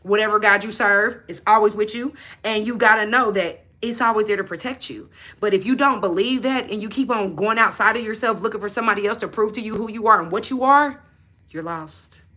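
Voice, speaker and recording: A woman hosting a motivational chat, answering viewers bluntly and profanely, swinging between loud emphasis and low asides. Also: a little fast. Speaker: manifestation coach and channel host.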